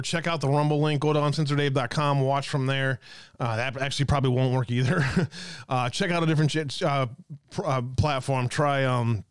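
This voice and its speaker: A man's voice: medium pitch, clear, resonant tone, no room sound, clean studio sound. A man hosting an online talk stream, ranting in a profane, exasperated way and reading out viewer comments.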